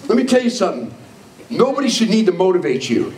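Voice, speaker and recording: A man's voice: high-pitched, sing-song, fast, darkish tone. Emphatic older man speaking in an echoey hall. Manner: emphatic, preachy, acts out quoted voices. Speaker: motivational speaker. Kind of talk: live leadership training talk. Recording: echoey hall, far from mic, faint noise.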